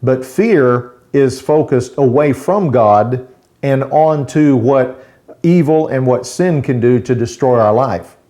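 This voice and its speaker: A man, a pastor, giving a short daily devotional teaching in a plain, conversational way with folksy asides, slowing down to stress key points. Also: medium pitch, warm tone.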